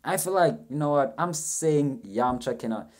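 A man's voice: mid-range voice, lively intonation, moderate pace. A young man giving a rambling, self-mocking reaction commentary, swearing freely as he goes. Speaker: reaction video host.

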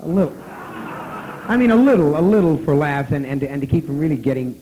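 A man telling a story at a live convention talk, animated and profane, who now and then breaks into loud shouting. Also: on the high side, brisk, poor audio. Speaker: guest of honor speaker.

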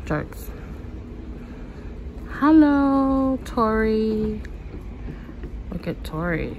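A woman's voice: a little high, expressive, extremely slow, darkish tone, slight background noise, rough recording. A young woman from Samoa, chatting and joking to her phone camera in a casual vlog. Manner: chatty, laughing, self-mocking asides. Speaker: vlogger.

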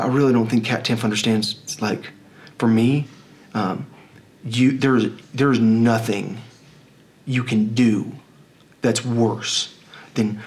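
A man from Texas talking in a rambling monologue, full of restarts and fillers. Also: mid-range voice. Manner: rambling, halting, with many restarts.

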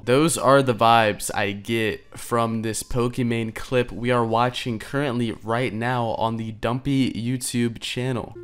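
A man's voice: medium pitch, fairly even intonation, slow pace, hardly any pauses, clear, resonant tone. A young man streaming reaction commentary, rambling, sarcastic and crude, often swearing. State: out of breath. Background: faint background music.

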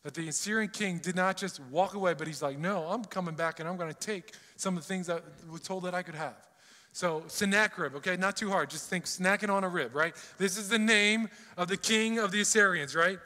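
Brief: bright, high-voiced male pastor, animated sermon storytelling, live church hall reverb. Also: a little fast, hardly any pauses. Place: church sanctuary.

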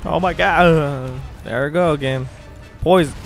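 A man commentating as he plays a game, excitable, exclaiming often and laughing a lot. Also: fairly high pitch, extremely slow, pauses often, soft background music. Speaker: gaming channel host. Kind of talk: live gameplay commentary.

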